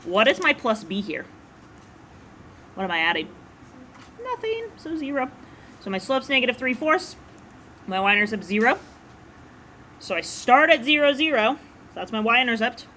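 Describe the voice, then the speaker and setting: Casting note: woman math teacher, bright, easygoing classroom lecture, faint room hum. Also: fairly high pitch, very animated, moderate pace, long pauses. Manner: casual, chatty explaining.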